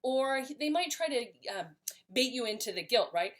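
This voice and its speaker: A woman's voice: a little high, expressive, normal speed. A woman giving an earnest, explanatory talk to camera as a parenting educator, sometimes restarting a phrase.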